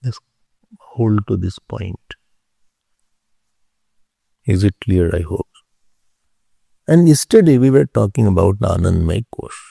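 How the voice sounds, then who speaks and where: A man teaching a philosophy class, explaining slowly, repeating key terms and checking whether his listeners follow. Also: on the low side, animated, vocal fry, warm tone, slightly rough, no echo, clean studio sound. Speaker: spiritual teacher.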